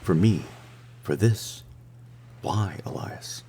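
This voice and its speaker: A man voicing a fiery, defiant young governor's daughter who speaks softly with wonder in an audio story. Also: very deep voice, slow, a little hiss or hum. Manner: soft and wondering in quiet moments.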